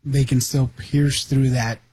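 A man's voice: medium pitch, flat delivery, slow pace, background noise. A man co-hosting a talk show in easygoing banter, with dry asides. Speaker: radio co-host. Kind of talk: casual banter.

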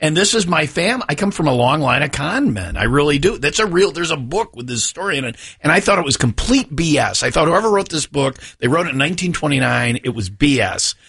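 A talkative male host with a bright, forceful voice and a husky edge. He chats casually and jokes as he tells his stories. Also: on the high side, big pitch swings, brisk, few pauses. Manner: talkative, jokey storyteller. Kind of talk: casual chat.

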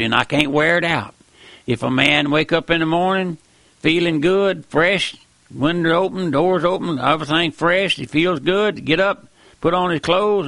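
A man's voice: a little high, gravelly, pushed and bright, no echo. A middle-aged man preaching a sermon in a folksy, earnest way, often repeating phrases.

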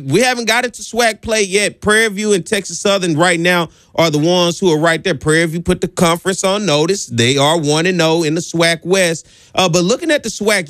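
Man, sports radio host, lively slangy banter, dry close studio sound. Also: fairly high pitch, no room sound. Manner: lively, joking, slangy, talks to callers. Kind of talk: casual sports talk radio.

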